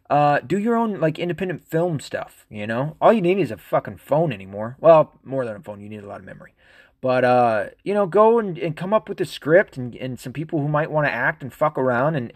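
A man's voice: mid-range voice, dry recording, studio quality. Rambling, profane male podcast host. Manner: rambling and profane, with frequent fillers and laughs. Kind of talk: casual solo podcast monologue.

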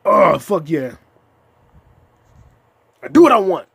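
A young man hosting a solo comedy podcast, ranting in loud, profane bursts with sudden shouts. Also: high-pitched, sing-song, takes it slowly, vocal fry, breathy edge.

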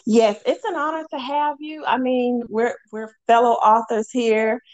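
A woman's voice: fairly high pitch, steady tone, a little slow, dry recording, muffled recording. A woman hosting a podcast and interviewing a guest in an affirming, chatty way. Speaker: podcast host. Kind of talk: casual interview.

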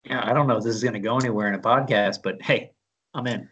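A man's voice: on the low side, fast, fairly bright tone, breathy edge, lo-fi sound. A man co-hosting a casual podcast, joking and crude. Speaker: podcast co-host.

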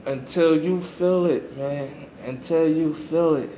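A man's voice: a little high, takes it slowly, highs cut off, slight background noise. A man hosting a podcast, giving a reflective motivational monologue and repeating phrases for emphasis. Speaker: podcast host.

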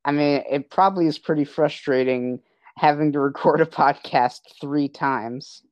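A woman's voice: low voice, normal speed, darkish tone, no echo, lo-fi sound. A young woman hosting a podcast in casual chat, rambling and cutting herself off often. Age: young adult. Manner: rambling, self-interrupting. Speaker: podcast host.

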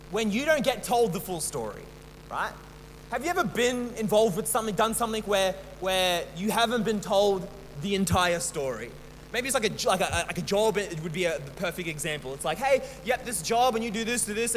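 A young man preaches a sermon in a high voice, stumbling over restarts and repeating words as he goes. His voice rings through a church hall with a long reverb tail. A faint hum sits underneath. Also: a bit bright. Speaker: pastor.

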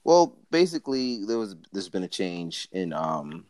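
Deep-voiced laid-back man. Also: sing-song, a little slow, a little mellow, no room sound. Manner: laid-back, conversational, frequent fillers. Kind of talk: casual chat.

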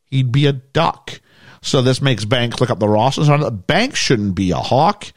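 A man's voice: medium pitch, animated, unhurried, dry recording, studio quality. A man hosting a casual podcast chat, recapping a movie in a jokey, storytelling way. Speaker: podcast host recapping a film.

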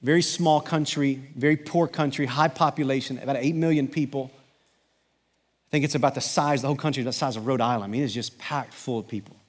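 A middle-aged American man, a pastor, delivering a sermon as an animated storyteller who builds to emphatic preaching. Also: mid-range voice, brisk, long reverb tail. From United States.

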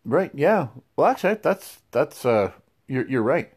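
Casting: male radio co-host, mid-pitched, wry, laughs through his lines. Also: sing-song, a little slow, a little mellow, breathy edge. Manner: chuckling, wry. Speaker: radio talk show co-host. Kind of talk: casual talk radio banter.

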